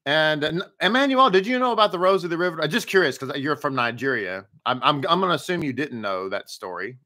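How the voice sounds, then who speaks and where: A man's voice: fairly high pitch, animated, fast talker, pushed and bright. A man, a rabbi leading a live-streamed daily Torah study, chatty and upbeat, putting rhetorical questions straight to his viewers and greeting them by name.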